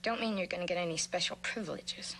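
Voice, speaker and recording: A woman's voice: fairly low pitch, quick pace, fairly bright tone, a little hiss or hum. A tough young outlaw woman. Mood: curt. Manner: hard, curt, defiant. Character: tough young female outlaw holding a gun. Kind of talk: 1960s TV western acting.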